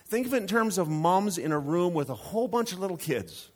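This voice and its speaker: Male pastor preaching with dramatic hushes. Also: high voice, very animated, brisk, slightly rough. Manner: dramatic, drops to a hush for emphasis. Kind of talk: sermon.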